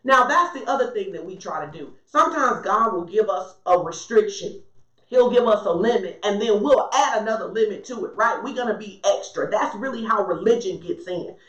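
A woman's voice: mid-range voice, lively intonation, normal speed, fairly bright tone, echoey room, lo-fi sound. A woman preaching a sermon in a conversational, emphatic way, often turning to the congregation for responses.

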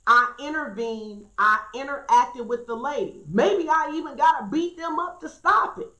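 A woman's voice: sits high, animated, normal speed, pushed and bright. A woman pastor preaching an earnest, emphatic sermon and reading scripture aloud. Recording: echoey room.

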